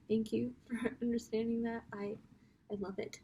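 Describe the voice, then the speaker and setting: Young female vlogger, chatty and giggly, slightly high, warm tone, drifts into whispers; light background hiss. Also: level tone, takes it slowly, gravelly. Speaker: makeup vlogger. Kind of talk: casual makeup tutorial chat.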